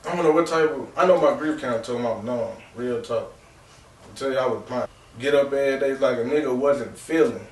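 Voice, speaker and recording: A man's voice: mid-range voice, brisk. Young man telling a raw story, echoey. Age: 20s. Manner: raw, rambling, emotional, with repeated asides like "real talk" and "bro". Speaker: podcast host. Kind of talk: candid personal storytelling. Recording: echoey room, distant mic.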